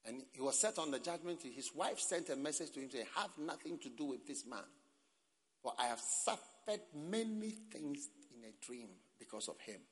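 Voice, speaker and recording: A man preaching a sermon and reading scripture. He swings between quiet reading and loud, dramatic exclamations. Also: on the high side, lively intonation, normal speed. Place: large hall at a church camp. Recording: long hall reverb.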